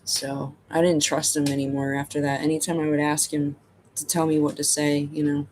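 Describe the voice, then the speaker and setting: A man's voice: on the high side, completely flat delivery, moderate pace, a little hiss or hum. A middle-aged man telling a casual story as a channel host, rambling and self-amused, filling his talk with "you know" and "like".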